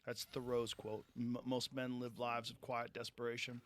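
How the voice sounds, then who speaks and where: A man hosting a podcast, talking in a calm, matter-of-fact way and swearing casually in relaxed conversation. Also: medium pitch, moderate pace, a little hiss or hum. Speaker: podcast host.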